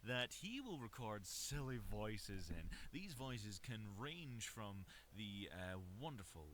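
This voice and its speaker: A Scottish man talks from a tiny cupboard booth, rambling and poking fun at himself. His voice sits a touch low but sounds bright and crisp. It rises and falls with a lot of animation. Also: takes it slowly, slight background noise. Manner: chatty, self-mocking, animated. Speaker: voice actor. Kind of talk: rambling recorded monologue. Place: small cupboard recording booth.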